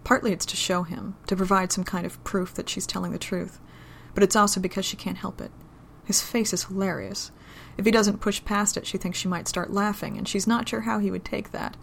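A woman reading an adult romance story aloud in a low, intimate, steady manner. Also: a little fast, gravelly, hardly any pauses, a little hiss or hum. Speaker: narrator.

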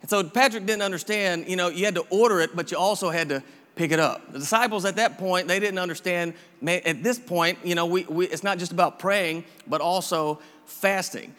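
Pastor preaching in a reverberant hall. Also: male voice, high voice, a little fast, fairly bright tone. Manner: casual, repetitive, encouraging preaching with many restarts. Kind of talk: sermon.

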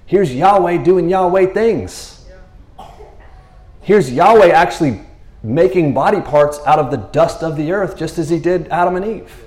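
A man's voice: on the high side, a little slow, darkish tone. A man preaching a casual, rambling sermon, constantly checking in with his listeners. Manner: rambling, chatty, keeps asking "you know what I mean". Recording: roomy echo.

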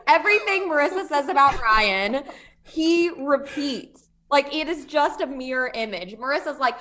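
Bright-voiced woman recapping with laughs. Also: high voice, normal speed. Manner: animated, laughs often, slangy. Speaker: podcast co-host. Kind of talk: casual recap chat.

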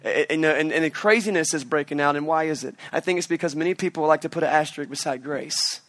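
Animated man preaching a sermon. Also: a little high, fast, no echo. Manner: animated storytelling, acts out quotes. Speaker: pastor. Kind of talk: outdoor sermon. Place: outdoors in a park.

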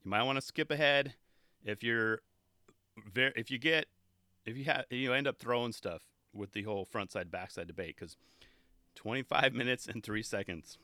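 This show's host is a man with a medium-pitched voice and a moderate pace, casually and eagerly reviewing skate clips while laughing and restarting his sentences. The studio sound is clean, with no echo.

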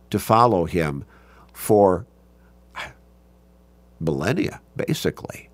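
A man teaching a Bible class, reading scripture aloud and explaining it slowly, stretching key words for emphasis. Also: low voice, dry recording.

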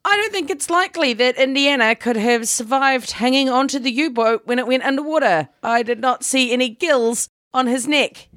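A woman's voice: high voice, normal speed, few pauses, a bit bright, no echo, studio quality. A woman co-hosting a casual movie podcast, playful and teasing, laughing often. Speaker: podcast co-host.

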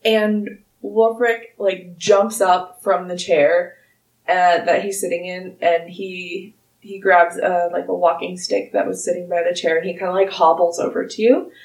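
A woman's voice: fairly low pitch, little pitch movement, measured pace, recorded from a distance. A woman narrating a tabletop game as game master, in loose casual talk with many fillers. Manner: casual, full of "like" and restarts. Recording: roomy, a bit off-mic.

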